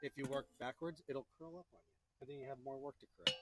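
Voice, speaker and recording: A man's voice: mid-range voice, fairly even intonation, quick pace, heavy background noise. A man teaching a beginner to forge in a blacksmith shop, chatty, joking and encouraging as he works. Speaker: blacksmithing instructor. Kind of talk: hands-on teaching while forging.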